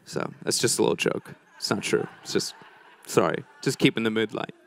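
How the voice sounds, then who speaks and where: A man's voice: fairly low pitch, expressive, brisk, vocal fry. A man preaching a sermon in a conversational, joking way, telling a story and acting out the people in it. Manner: conversational, joking, acts out quoted voices.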